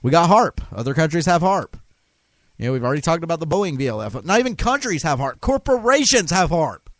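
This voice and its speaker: A man's voice: on the high side, big pitch swings, a little fast, dry recording. Impassioned ranting man, dry sound. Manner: impassioned, emphatic ranting with repeated restarts. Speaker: radio show host. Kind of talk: conspiracy talk radio rant.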